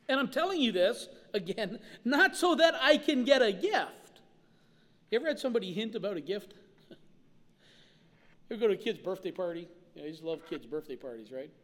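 High-voiced man preaching in a hall. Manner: animated storytelling with acted-out quotes. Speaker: pastor. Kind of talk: sermon. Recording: reverberant hall.

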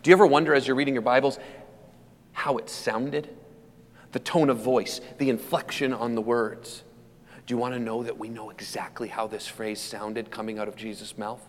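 Male pastor, mid-pitched voice, dynamic sermon delivery, long reverb. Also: steady tone, normal speed, slight background noise. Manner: dynamic preaching, building from hushed to loud emphatic peaks.

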